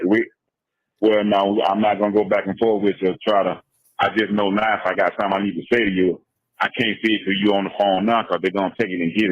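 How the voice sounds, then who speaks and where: Male caller, husky and low, muffled line, defensive complaining. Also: dry recording. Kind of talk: casual phone talk.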